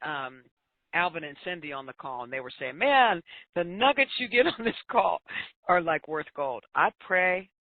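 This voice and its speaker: A woman's voice: sits low, no echo. An older woman, a business coach and author, telling stories earnestly as a talk show guest and laughing often. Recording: tinny phone line.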